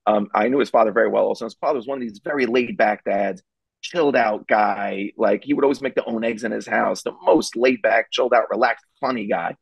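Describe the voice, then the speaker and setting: A middle-aged man, a rabbi telling a story on a charity broadcast panel, casual and animated, with many fillers. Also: lowish voice, fairly quick, gravelly, slightly rough, dry recording, poor audio. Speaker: rabbi and parenting speaker.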